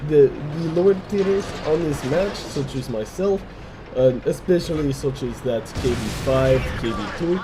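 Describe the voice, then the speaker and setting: A man's voice: on the high side, measured pace, noisy background. An American man commentating a game replay in a put-on Russian accent, speaking in stiff, formal phrasing without contractions and often restarting his sentences. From United States. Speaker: gameplay commentator.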